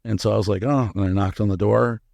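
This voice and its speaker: A man's voice: fairly low pitch, steady tone, fast, gravelly, darkish tone, dry recording. A man as a podcast interview guest, telling a candid story in a frank, profane way with many fillers and restarts.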